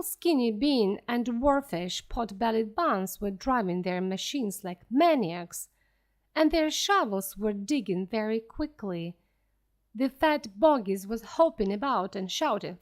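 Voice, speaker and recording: Woman narrator, graded storybook reading, slow and lively, higher pitch. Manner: clear, expressive storytelling.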